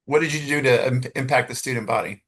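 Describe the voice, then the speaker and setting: A man hosting a podcast interview, asking short questions with a slightly breathy voice. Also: mid-range voice, quick pace, fairly bright tone. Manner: brief listening responses and short questions. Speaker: podcast host.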